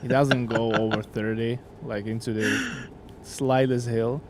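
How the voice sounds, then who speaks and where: A man's voice: mid-range voice, fairly even intonation, measured pace, heavy background noise. A man co-hosting a casual gameplay livestream, remarking on his driving as he goes and joking with his co-host. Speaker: stream co-host driving in the game.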